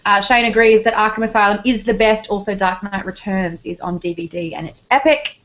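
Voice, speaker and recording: A woman's voice: medium pitch, a little fast, a bit bright. A young Australian woman hosting a live stream, bubbly and giggly as she reads comments. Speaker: host. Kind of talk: casual live-stream chat. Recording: dull lo-fi stream audio.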